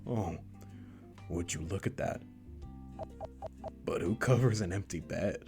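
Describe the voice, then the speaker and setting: A man voicing a calm, teasing young deliveryman with a dry, deadpan delivery. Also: sits low, takes it slowly, vocal fry, music in the background, full character voice. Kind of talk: visual novel voice reading.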